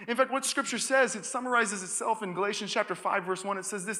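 Young guy pastor preaching, bright edgy voice, lively storytelling, big echoey church hall. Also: high-pitched. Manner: animated storytelling with frequent restarts and quick asides. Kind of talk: sermon with personal story. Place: church auditorium. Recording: long reverb of a church hall.

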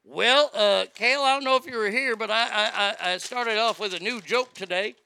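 A man in his late forties hosting a live show, ranting crudely and mockingly, swinging between loud outbursts and mutters. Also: high-pitched, normal speed, gravelly, clear, resonant tone. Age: late 40s. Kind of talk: crude comedic rant.

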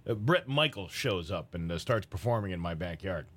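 A man's voice: low voice, lively intonation, normal speed, a bit bright. A man co-hosting a casual podcast chat, rambling and joking with lots of fillers. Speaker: podcast co-host.

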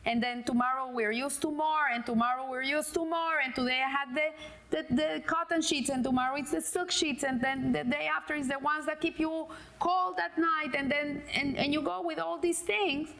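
A woman's voice: high-pitched, steady tone, normal speed, vocal fry, fairly bright tone. A middle-aged woman giving an informal religious lesson, talking in a conversational way with fillers and restarts. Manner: conversational, many fillers and restarts, acts out quoted dialogue in a joke. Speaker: Torah class teacher.

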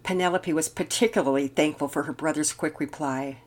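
An older woman, a grandmother, reading a children's story and chatting as host in a gentle, expressive way. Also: deep voice, brisk.

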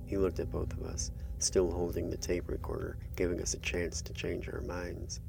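A man narrating a first-person horror story in a measured way, dropping to a hush at tense moments. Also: sits low, completely flat delivery, creaky, noisy background.

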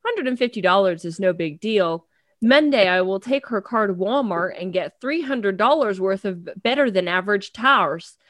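Picture an earnest, modest middle-aged man laying out his situation in a plain, steady way, as a woman reads his letter aloud. The voice has a slight rural twang, kept at an ordinary pitch. The sound is dry and close. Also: normal speed, dry recording, natural voice.

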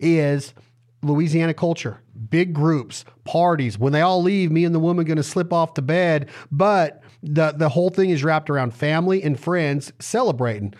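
Male podcast host, casual and joking, voice a bit on the high side. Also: normal speed, hardly any pauses, a little mellow. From western US. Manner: playful, jokey, wordplay. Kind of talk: casual chat.

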